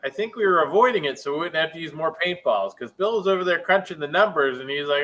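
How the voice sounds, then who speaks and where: A man's voice: on the high side, animated, fast talker, a bit bright, rough recording. A laid-back man in casual chat who mostly answers with short agreeing replies.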